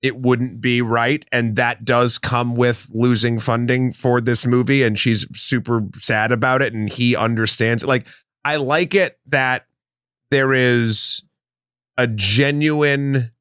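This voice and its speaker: A man co-hosting a film podcast, speaking in a laid-back, halting way. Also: mid-range voice, little pitch movement, a bit bright, clean tone, no room sound, clean studio sound. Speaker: podcast co-host. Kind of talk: casual film discussion.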